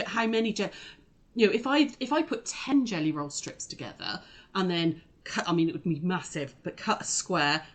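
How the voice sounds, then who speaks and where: A woman hosting a casual live quilting demonstration, chatty and rambling as she talks straight to her viewers. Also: mid-range voice. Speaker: quilting shop host.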